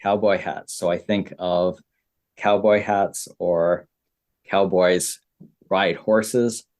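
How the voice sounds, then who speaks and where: A Canadian man teaching beginner English, repeating simple phrases with many pauses. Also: low-pitched, fairly even intonation, darkish tone. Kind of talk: slow, simple explaining for beginner learners.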